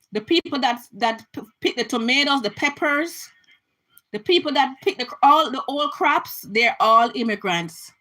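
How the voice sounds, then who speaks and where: A woman's voice: on the high side, a bit bright, rough recording. A Jamaican woman giving an impassioned political rant to her camera, emphatic and repetitive, often restarting her sentences. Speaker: vlogger.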